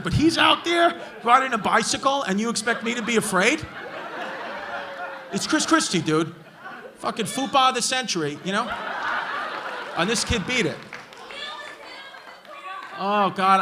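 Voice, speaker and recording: A man working the room at a stand-up show, his voice pitched unusually high and his delivery brash, profane and mocking. He is recorded live in a large club, and a loud crowd laughs around him. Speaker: stand-up comedian. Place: large comedy club before a live audience.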